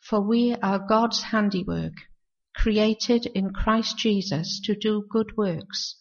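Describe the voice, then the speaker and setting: A woman reading scripture aloud in church in a slow, measured way. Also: medium pitch, muffled recording. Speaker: scripture reader.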